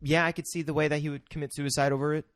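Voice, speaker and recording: A man's voice: fairly high pitch, little pitch movement, racing, fairly bright tone, dry recording, studio quality. A man co-hosting a podcast, talking through a film scene in casual chat. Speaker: podcast co-host. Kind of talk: casual movie discussion.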